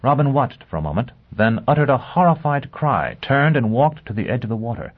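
A man narrating a science fiction novel in a steady, even storytelling manner, on a dull lo-fi recording. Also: medium pitch, fairly quick. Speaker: audiobook narrator. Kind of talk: scripted narration. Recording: dull lo-fi audio.

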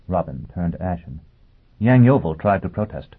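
Guy reading an audiobook, lowish husky voice, sounds like a phone line. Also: moderate pace. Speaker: audiobook narrator. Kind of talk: scripted narration.

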